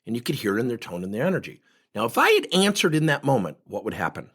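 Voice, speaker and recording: A man's voice: mid-range voice, big pitch swings, quick pace, a bit bright, husky. A middle-aged man coaching on workplace conversations, telling stories with energy and animation. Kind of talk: podcast monologue with acted anecdotes.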